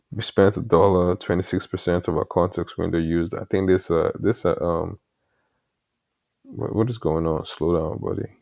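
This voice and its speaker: A developer vlogger with an African accent rambles casually to himself while coding late at night, using lots of fillers and some mild cursing. His voice is deep, creaky, and darkish, and his headset mic sits far from his mouth.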